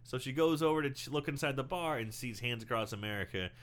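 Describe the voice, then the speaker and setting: A man in casual chat, recapping a movie plot with friends, animated and acting out the characters' lines. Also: mid-range voice, fast, crowd noise. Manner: animated, acts out characters' lines, swears freely.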